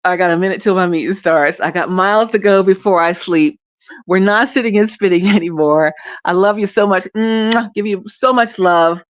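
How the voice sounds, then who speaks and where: Lying down at home and filming on a phone or webcam, a traffic reporter and streaming host talks directly to camera in a rambling, upbeat way, laughing frequently. Her voice is mid-range at a moderate pace, and the recording is dry and muffled.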